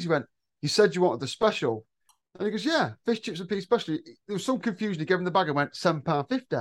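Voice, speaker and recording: Animated English man telling stories. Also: sits high, fast talker. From England. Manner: lively storyteller, swears, laughs often. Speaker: podcast co-host, electrician. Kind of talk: casual podcast chat.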